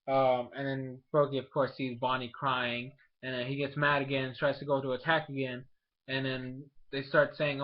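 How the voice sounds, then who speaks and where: A man giving a casual, rambling episode recap as a reviewer, excitable and jumping into quick character voices. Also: mid-range voice, lo-fi sound. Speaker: anime reviewer.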